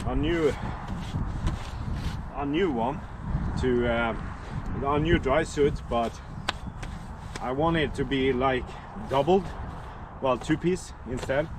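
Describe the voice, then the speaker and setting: A Norwegian man with a Norwegian accent, talking casually to camera outdoors by the water while sorting his gear, thinking aloud in halting restarts. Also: medium pitch. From Norway. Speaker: outdoor vlogger. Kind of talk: casual vlog talk while handling gear. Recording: loud wind and outdoor noise. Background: wind and water noise.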